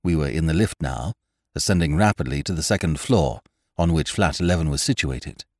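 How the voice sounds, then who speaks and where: A man narrating a story aloud in a measured, expressive way. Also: rumbling low, no echo. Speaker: audiobook narrator.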